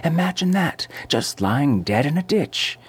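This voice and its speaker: A man voicing an excitable, gossipy older woman housekeeper who chatters sharply and eagerly. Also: mid-range voice, unhurried, breathy edge, pitched above the performer's own voice, heavily acted. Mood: excited gossip.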